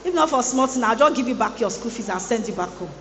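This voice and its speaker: A woman giving a lively motivational sermon to students, playfully teasing the audience. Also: a little high, quick pace, slight background noise. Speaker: guest speaker at a student boot camp. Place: large hall. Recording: echoey large hall.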